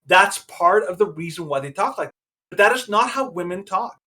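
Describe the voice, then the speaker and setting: A man's voice: high voice, animated, a little fast, bright, forceful tone. A man co-hosting a podcast, giving opinionated casual commentary that rambles with many restarts. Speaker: podcast co-host.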